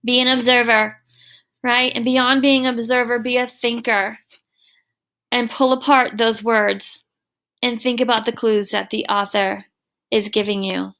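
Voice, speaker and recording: A woman teaching a recorded online lesson, her voice bright and clear and pitched a little high. She talks to her students warmly and encouragingly, often checking in with a quick "right?". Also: level tone. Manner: encouraging, affectionate with students, stresses words with "right?" and "okay?".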